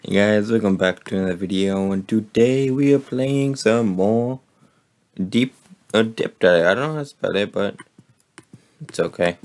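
A man hosting a gaming video, casually commenting on his play, his voice a bit hoarse. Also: fairly low pitch, unhurried. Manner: relaxed, thinking aloud while playing. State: slightly hoarse.

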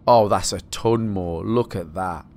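Excitable, swearing British man gaming. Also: low voice, measured pace. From Britain. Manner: excitable, swears a lot, talks to himself. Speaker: gaming channel host. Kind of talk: let's play commentary.

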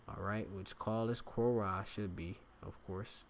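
Casting note: man with a lowish voice, relaxed bible teacher, reads verses then chats through them. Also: gravelly. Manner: reads scripture aloud, pausing to explain words with frequent fillers. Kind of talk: informal scripture lesson.

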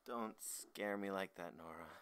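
A woman putting on a deep calm young man. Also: unhurried, clear, resonant tone. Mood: mumbly. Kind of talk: fan dub voice acting outtakes.

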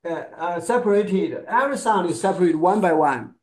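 A male Chinese pronunciation teacher whose first language is Chinese, speaking English in short broken phrases and modeling sounds slowly. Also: high-pitched, expressive. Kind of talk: one-on-one lesson.

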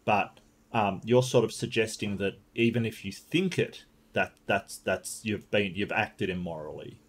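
Guy hosting a chat debate, lowish voice, kinda halting, lots of restarts, faint hiss behind. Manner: hesitant, thinking aloud with many restarts. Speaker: show host. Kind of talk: casual panel debate.

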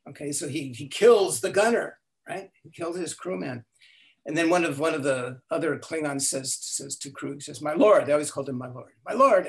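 An older man, the interview guest, tells anecdotes in an animated way and plays out every quote. His voice sits a bit high for a man. His sentences often stop and restart. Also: gravelly. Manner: animated storyteller, acts out quotes, frequent restarts. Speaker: guest, language inventor. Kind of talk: storytelling interview.

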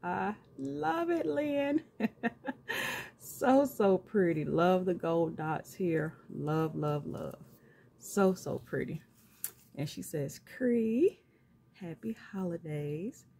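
Gushing woman with lively pitch. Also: slow, gravelly, breathy edge. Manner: gushing and grateful, laughs often. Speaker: craft channel host opening gifts. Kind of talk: casual unboxing vlog. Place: at home, filming on a tripod. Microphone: camera on a tripod.

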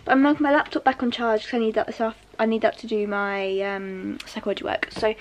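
A woman's voice: fairly high pitch, fairly even intonation, quick pace, slight background noise. A young woman, chatting casually while vlogging at home about her studies. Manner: chatty, rambling, lots of fillers. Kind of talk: casual study vlog chat. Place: at home indoors. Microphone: handheld then laptop camera.

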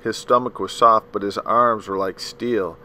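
A man reads a novel aloud with measured, dramatic pacing, stumbling now and then over a word. His voice sits somewhat low and has a bright, forceful edge, with a faint hiss underneath. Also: fairly even intonation, poor audio. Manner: measured, dramatic storytelling with a few slips. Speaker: audiobook reader. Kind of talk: scripted narration of a novel.

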